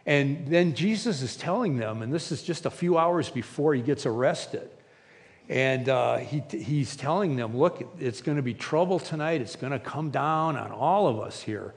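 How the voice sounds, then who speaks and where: A man's voice: medium pitch, expressive, normal speed, big-room sound. A man preaching a Sunday sermon in a conversational way, acting out quoted lines and restarting his sentences. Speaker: pastor.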